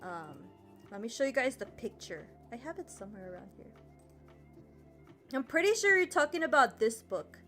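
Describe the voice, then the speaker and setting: A woman's voice: on the high side, sing-song, moderate pace, long pauses, sharp tone, faint music behind. A woman giving a casual history lesson on a livestream, chatty and rambling, full of fillers and laughs. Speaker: history streamer teaching a lesson.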